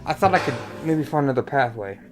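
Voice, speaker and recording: A goofy man playing through a game, his voice bouncing up and down as he jokes and curses at the enemies. Game music sounds clearly behind him. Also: medium pitch, lively intonation, quick pace. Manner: goofy, jokey, swears at enemies, puts on silly accents. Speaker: player in a game playthrough. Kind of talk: casual gaming chat.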